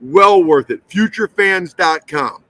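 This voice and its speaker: A middle-aged man joins a sports podcast as a guest and chats casually. His voice sits a little high for a man. He tells stories in a relaxed, easy way. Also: slow pace, dry recording. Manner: relaxed, storytelling. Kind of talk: casual chat.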